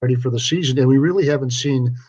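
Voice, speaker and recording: A man's voice: mid-range voice, fast, darkish tone. Wry older man on a dull line. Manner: dry, wry storytelling. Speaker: sports reporter and co-host. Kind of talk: casual sports radio chat.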